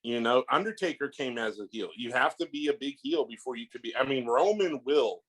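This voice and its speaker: A man's voice: medium pitch, expressive, a little fast, husky, rough recording. A man co-hosting a podcast in casual chat, pressing his opinions emphatically. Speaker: podcast co-host.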